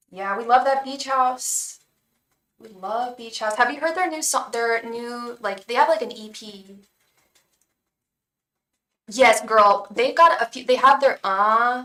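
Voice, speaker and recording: A bright, sharp-toned woman chats to her live viewers as a tarot reader. She sounds warm toward them and full of fillers and repeats. She sits some way from the mic, and the room adds an echo to her voice. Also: mid-range voice, recorded from a distance. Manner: chatty and encouraging, repeats words, many fillers. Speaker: tarot reader and psychic on a livestream. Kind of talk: casual chat to live viewers. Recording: roomy echo, voice away from the mic.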